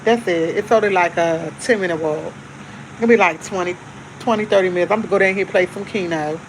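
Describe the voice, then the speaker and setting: A woman's voice: on the low side, fast, slight background noise, poor audio. A woman hosting a casual live stream, chatting easygoingly to her viewers and repeating herself. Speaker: livestream host. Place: at home with coffee.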